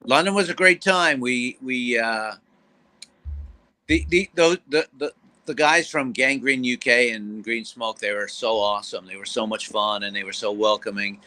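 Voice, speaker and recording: A man tells stories on a sports talk stream, slipping into quick impressions of the people he describes. His voice is bright and carrying, and he speaks at an ordinary middle pitch. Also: low-quality recording. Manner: storytelling with lively mimicry of others. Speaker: co-host of a sports call-in show. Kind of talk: casual chat.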